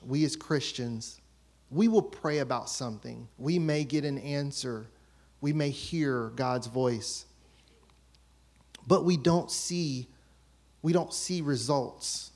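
A man's voice: mid-range voice, slow pace, a little mellow. A man in his thirties preaching a sermon as pastor, telling a story about his children and acting out their voices.

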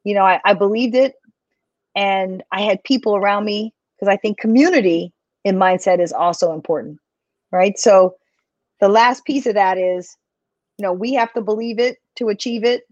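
A woman health coach talking in a live podcast interview, telling her story in a chatty, animated way. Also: medium pitch, moderate pace, no room sound. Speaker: health coach and business owner. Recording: dry, dull lo-fi sound.

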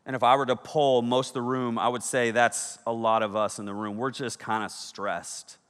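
A man in his thirties preaching a sermon, telling stories with energy that swings from loud bursts to hushed, serious points. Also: medium pitch, level tone, normal speed, smooth. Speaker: pastor. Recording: long hall reverb.

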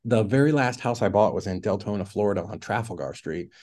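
A middle-aged real estate investor appears as a podcast guest, telling a story in casual conversation, packing his speech with "like" and acting out his own past thoughts. His voice is lowish and a little mellow, fast, with lively intonation.

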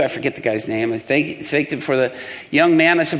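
High bright preacher guy telling a story, does all the voices, hall echo. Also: quick pace. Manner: animated, acts out the voices in his story. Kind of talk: sermon storytelling.

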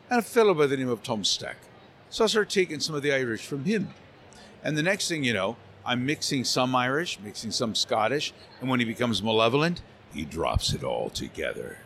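A man talks with a voice actor's lively, animated delivery, now and then dropping into character voices mid-story. He sits in a convention center hall with a faint crowd hum behind him, at an ordinary middle pitch. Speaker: voice actor guest.

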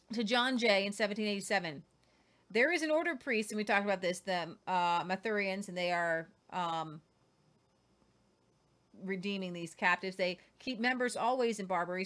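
A woman's voice: mid-range voice, fairly bright tone. A woman hosting a casual history talk, reading quotes aloud with jokey asides and stumbles over names. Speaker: host.

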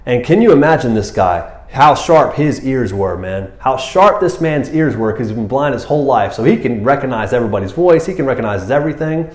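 A man giving a casual, animated sermon, talking to the listeners like friends. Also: mid-range voice, a little fast, few pauses. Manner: animated, casual, keeps saying "man" and "you know". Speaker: preacher. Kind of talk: conversational sermon. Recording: roomy echo.

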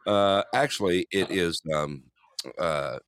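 A man's voice: low-pitched, takes it slowly, no echo. A man hosting a live podcast, introducing guests in casual chat and laughing often. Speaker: host.

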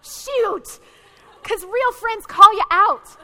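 A woman's voice: high voice, moderate pace, pushed and bright, a little hiss or hum. A woman pastor preaching a sermon to her congregation in a direct, conversational way. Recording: long hall reverb.

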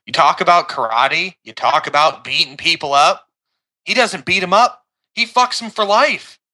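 Sharp-voiced man rambling through a recap. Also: fairly high pitch, moderate pace. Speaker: podcast co-host. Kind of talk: casual comedic banter.

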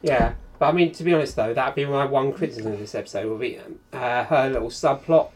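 A man's voice: medium pitch, quick pace, a little hiss or hum. A man co-hosting a podcast, talking casually with hesitant, dry remarks. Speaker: podcast co-host. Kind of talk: casual chat.

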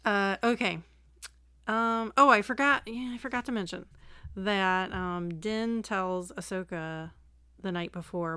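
A middle-aged woman talks in a relaxed, animated way as a podcast co-host, recorded on a home microphone. The sound is dry and close. She laughs easily and acts out the lines she quotes. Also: mid-range voice, measured pace, smooth, no room sound. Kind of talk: casual chat. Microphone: home computer microphone, remote call.

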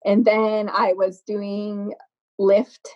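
A woman's voice: medium pitch, little pitch movement, very slow, darkish tone. A young woman makeup artist telling her story in a casual interview, chatty, laughing often and using lots of fillers. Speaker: podcast guest, makeup artist. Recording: slightly dull lo-fi sound.

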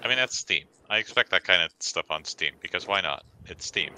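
A man's voice: deep voice, animated, a little fast, pushed and bright, a little hiss or hum, low-quality recording. A man co-hosting a casual podcast chat, making dry, sarcastic remarks. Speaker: podcast co-host.

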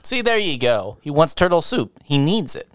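A man's voice: on the high side, big pitch swings, normal speed, a bit bright, no room sound, studio quality. A man in casual banter who tells stories animatedly and mimics the people in them.

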